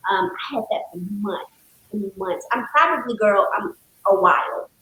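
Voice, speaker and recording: A woman counselor, a guest on a talk show, telling her story in a lively, emphatic way and calling the host "girl". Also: mid-range voice, moderate pace. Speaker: licensed counselor, podcast guest. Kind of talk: casual conversational storytelling. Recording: roomy echo.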